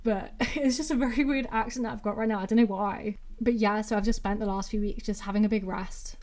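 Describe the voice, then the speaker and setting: Talking fast with hardly any pauses, a woman in her twenties from England chats casually on her own podcast, rambling and saying "like" nonstop. Her medium-pitched voice is steady and a little mellow, and her accent blends Brummie with Mancunian.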